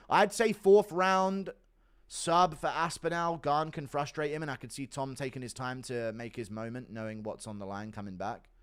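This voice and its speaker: A man's voice: medium pitch, smooth. Blunt, offhand man hosting a livestream. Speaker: livestream host. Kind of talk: casual livestream chat reading donations.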